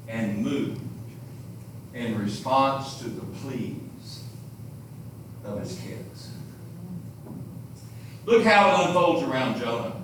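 A man's voice: extremely high pitch, fairly bright tone. A man preaching a sermon, retelling scripture stories with dramatic emphasis. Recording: very echoey room, distant mic.

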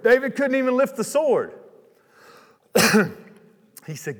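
A man preaching a sermon, retelling a Bible story in a casual, lively way with chatty asides. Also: very high-pitched, takes it slowly, in a large hall.

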